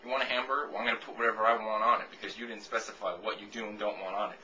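A man's voice: on the low side, level tone, racing, sharp tone, dull audio, slight background noise. A man in his twenties talking casually to camera. He rambles through a comic, sarcastic rant and swears freely. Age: 20s. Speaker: vlogger answering a viewer question.

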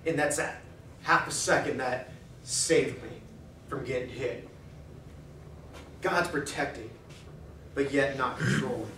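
A man speaking at a men's breakfast in a cafe, preaching in an animated way and acting out quoted thoughts in a hushed voice. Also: medium pitch, slow pace, pauses often, a little hiss or hum. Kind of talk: preaching talk. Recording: echoey room, mic far off.

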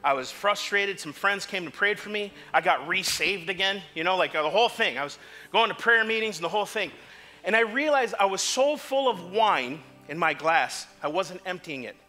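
A male pastor preaching an impassioned sermon in a church, moving from quiet asides to shouts. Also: high voice, lively intonation, moderate pace. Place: church sanctuary.

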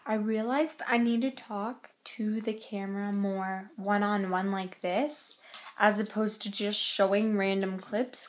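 A young adult woman chatting to the camera in a casual vlog, rambling with lots of fillers. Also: mid-range voice. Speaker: vlogger.

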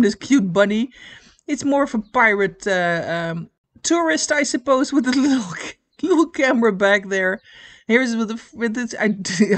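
A woman hosting a crochet channel, giving casual commentary and gushing over projects, chatty and giggly, with many 'uh' pauses. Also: medium pitch, fairly bright tone. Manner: enthusiastic, piling on cute and cool.

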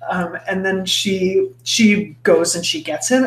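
A woman's voice: on the low side, measured pace, hardly any pauses. A woman co-hosting a casual podcast, retelling a book's plot with lots of fillers and restarts. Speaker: podcast co-host. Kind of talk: casual book-club chat. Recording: roomy echo, faint background noise.

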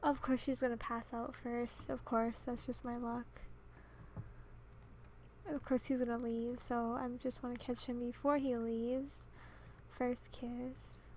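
A woman's voice: on the high side, flat delivery, measured pace, darkish tone, slight background noise. A young woman giving casual commentary over her game at home, muttering and exasperated as things go wrong. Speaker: gaming channel host.

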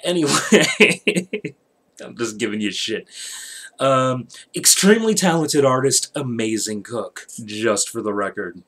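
A man talks to his viewers late at night, wandering from topic to topic. He jokes and swears freely in a relaxed, offhand way. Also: medium pitch, measured pace. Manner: rambling, profane, joking. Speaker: channel host. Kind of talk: rambling late-night channel update.

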